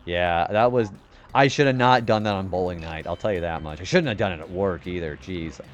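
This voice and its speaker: A man's voice: deep voice, fairly quick, lo-fi sound, soft background music. A young man streaming a retro game, rambling casually about his day and swearing when he misses a turn. He describes his own voice as nerdy. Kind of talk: casual gaming stream chat.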